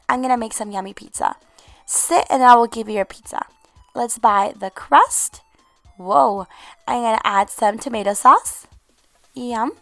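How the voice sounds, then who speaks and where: A woman hosting a game roleplay video, commentating in an animated, exclaiming way and talking motherly to her in-game baby. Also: on the high side, dry recording. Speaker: channel host.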